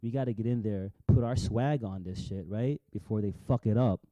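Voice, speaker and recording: A man's voice: fairly low pitch, moderate pace, dry recording, dull audio. A man commenting casually on video clips, rambling, swearing, and repeating words as he goes. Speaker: vlogger.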